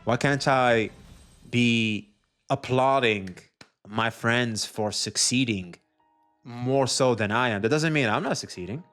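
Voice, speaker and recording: A man's voice: medium pitch, slow pace, faint music behind. A man streaming commentary on online drama, talking casually with lots of profanity and acting out what others say. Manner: animated, profane, acts out others in quoted voices.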